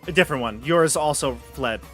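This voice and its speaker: Casual male game master, relaxed descriptive narration, soft music underneath. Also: a little high, a little fast. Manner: relaxed, descriptive with frequent restarts. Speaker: dungeon master.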